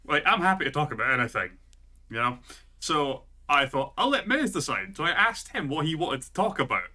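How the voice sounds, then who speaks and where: Bright-voiced Scottish man chatting. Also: fairly high pitch, very animated, brisk. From Scotland. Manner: chatty, laughs often, heavy use of "like". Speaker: podcast co-host. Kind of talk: casual chat.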